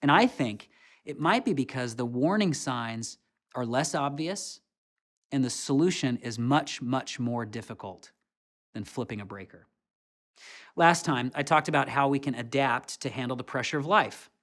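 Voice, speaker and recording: A man's voice: mid-range voice, lively intonation, normal speed, fairly bright tone. A man telling a personal story in a conversational motivational talk, with casual fillers. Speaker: speaker giving a motivational talk.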